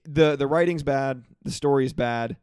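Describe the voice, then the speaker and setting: A man co-hosting a casual movie podcast, arguing earnestly and repeating his points with halting restarts. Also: medium pitch, a little mellow, clean tone, no room sound, clean studio sound. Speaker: podcast co-host. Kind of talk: casual movie review chat.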